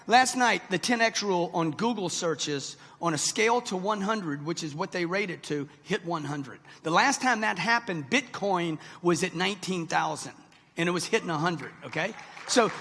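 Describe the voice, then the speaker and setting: Man in his sixties, high-pitched, forceful bright tone, punchy motivational speaker, reverberant hall. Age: 60s. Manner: punchy, keeps pressing the audience with "okay?" and "right?". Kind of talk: live motivational seminar talk. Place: large event hall before a live audience.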